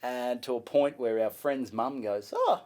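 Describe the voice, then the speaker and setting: A man's voice: mid-range voice, measured pace. Aussie comedian guy telling a yarn, swears a lot, does the voices. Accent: Australian. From Australia. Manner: animated, swearing, acts out voices in his stories. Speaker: comedian guest. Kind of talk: casual storytelling chat.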